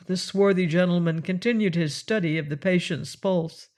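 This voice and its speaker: A man narrating a classic adventure novel in a measured, expressive storytelling manner. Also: high-pitched. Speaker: audiobook narrator. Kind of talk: audiobook reading of a classic novel.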